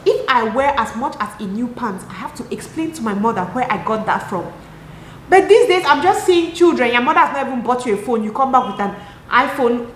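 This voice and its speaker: A young Cameroonian woman with a Cameroonian accent, chatting to camera in an animated, exasperated way. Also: on the high side, a little hiss or hum. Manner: animated, talks with her hands, rhetorical and exasperated. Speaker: lifestyle vlogger. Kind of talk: casual chat to camera. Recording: echoey room.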